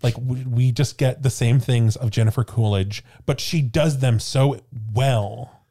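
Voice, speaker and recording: Mellow guy on a podcast, thinks out loud, hesitant casual chat. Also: mid-range voice, fairly even intonation, measured pace, husky. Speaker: podcast co-host.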